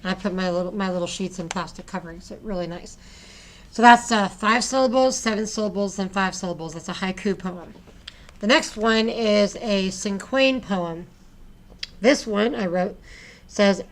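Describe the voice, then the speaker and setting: A woman's voice: medium pitch, normal speed. A woman teacher explaining a poetry assignment to her students, chatty, with asides and frequent restarts.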